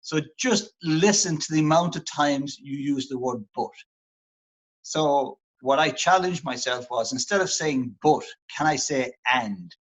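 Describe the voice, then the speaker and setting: A man's voice: medium pitch, a little slow, husky, low-quality recording. An Irish man, a performance psychologist, talking earnestly and reflectively in an interview, coaching listeners on how they speak to themselves. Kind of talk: motivational interview talk.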